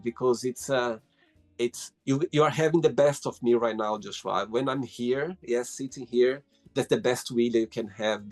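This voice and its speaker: A man with a Brazilian accent, a native Portuguese speaker, hosting a casual video-call interview, enthusiastic and talkative, laughing often. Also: mid-range voice. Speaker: host.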